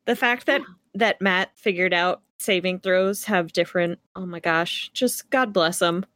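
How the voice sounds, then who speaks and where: A woman's voice: on the low side, measured pace, a bit bright, no room sound, studio quality. A woman co-hosting a podcast in casual group chat, making wry, blunt quips. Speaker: podcast co-host.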